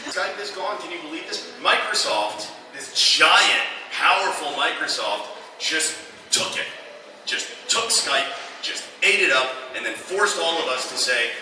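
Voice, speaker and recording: A man performs stand-up comedy with a deadpan, ironic delivery, slipping into quoted voices for his punchlines. He sounds set back from the mic in a very echoey room. The noise of the club audience carries underneath. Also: a little high, unhurried, recorded from a distance. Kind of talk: stand-up routine. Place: comedy club stage before a live audience.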